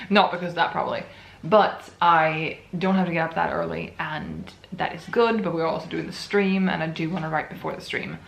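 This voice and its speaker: A young woman talks through her writing day in a loose, rambling, self-amused way. Her voice sits a little low and has a gravelly fry to it. The sound rings in an echoey room. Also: a bit bright. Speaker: writing vlogger. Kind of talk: casual chat.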